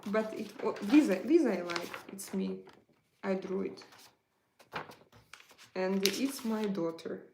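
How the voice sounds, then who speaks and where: A middle-aged woman from Russia with a Russian accent, hosting a casual live chat, pausing often and searching for her words. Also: mid-range voice, noisy background. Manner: halting, searching for words, many fillers. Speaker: livestream host.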